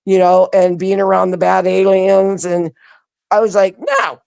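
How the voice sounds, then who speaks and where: A woman telling a personal story as an interview guest, animated, acting out other people's lines and laughing often. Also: medium pitch, a little slow, vocal fry, smooth. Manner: animated, acts out quoted voices, laughs often. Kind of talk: casual storytelling.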